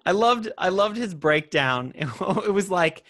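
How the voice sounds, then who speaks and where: A man's voice: sits high, animated, unhurried, a bit bright, no echo, clean studio sound. A man in his thirties co-hosting a casual movie chat, laughing often and retelling scenes with animation. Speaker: podcast co-host.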